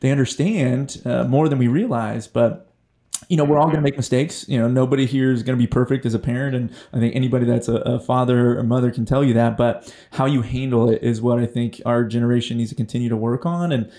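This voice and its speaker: A man hosting a podcast, talking in a relaxed, conversational way. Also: mid-range voice, quick pace. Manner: relaxed, conversational, frequent "you know". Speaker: podcast host.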